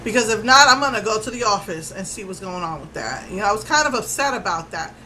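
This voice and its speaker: A woman vlogger casually retelling her day in a rambling, animated way with many fillers. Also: medium pitch, fast, slight background noise, rough recording. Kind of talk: casual storytelling vlog.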